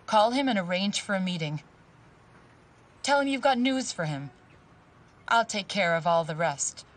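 An actress plays a cold, scheming woman in a drama, handing out instructions in a calm, commanding tone. She sounds a little distant from the mic. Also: medium pitch, a little slow, close to an everyday voice. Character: cold, controlling woman giving orders.

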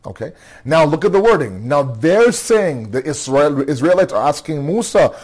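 A man giving an earnest sermon-style Quran lesson, asking rhetorical questions, repeating words for emphasis and reciting Arabic verses quickly. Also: a little high, big pitch swings, a little mellow, slightly rough. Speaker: religious teacher.

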